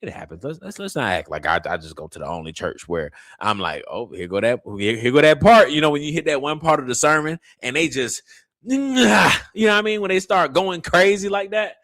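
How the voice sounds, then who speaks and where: A man's voice: fairly high pitch, fairly quick, dry recording, clean studio sound. A man hosting a casual reaction commentary, who teases and mocks in loose, slangy talk. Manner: animated, teasing, mocking, loose slangy talk. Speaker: commentary channel host.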